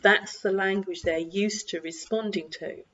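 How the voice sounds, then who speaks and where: An older woman, a parenting coach, giving calm advice to camera and acting out bits of dialogue. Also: medium pitch, unhurried. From United Kingdom. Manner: calm, repetitive, acts out quoted dialogue. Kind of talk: direct-to-camera advice talk. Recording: slightly dull lo-fi recording.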